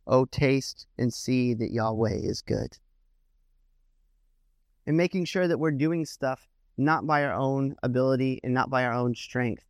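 A man's voice: mid-range voice, dry recording, clean studio sound. A man preaching a sermon in a conversational way, often circling back with "the thing is, is that".

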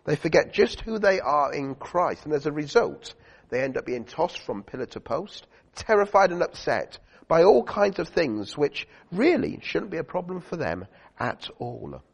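A man's voice: on the high side, very animated, moderate pace, vocal fry, slightly rough. A man preaching a sermon to a congregation, chatty, with fillers and questions to the listeners. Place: church. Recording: dull lo-fi recording in a reverberant church hall.

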